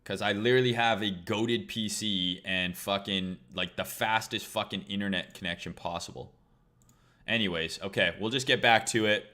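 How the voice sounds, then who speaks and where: A man's voice: fairly low pitch, fairly even intonation, moderate pace, bright, forceful tone. A man hosting a trading livestream, talking casually in a blunt, profane, rambling way.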